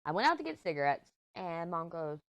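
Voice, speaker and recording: A woman's voice: on the low side, very animated, fairly quick, dry recording. A middle-aged woman vlogger chatting casually while she crafts, telling a rambling story and giggling often. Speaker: diamond painting vlogger.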